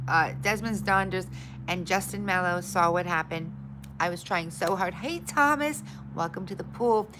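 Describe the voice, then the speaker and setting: A woman hosting her own livestream, grumbling about her tech troubles and brightly greeting her viewers. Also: lowish voice, unhurried, background noise. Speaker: livestream host. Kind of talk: casual livestream chat.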